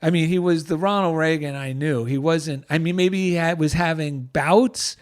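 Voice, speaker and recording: A middle-aged man with an East Coast American accent, telling a personal story in conversation with lively feeling. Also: fairly high pitch, normal speed. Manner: animated, gets choked up with emotion. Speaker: guest, author and veteran.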